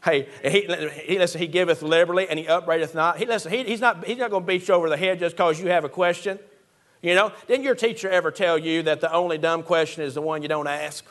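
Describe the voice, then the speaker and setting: A preacher with a notably high voice delivers a sermon in a church. He reads scripture aloud and climbs into fervent, shouted peaks when he drives a point home. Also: fast.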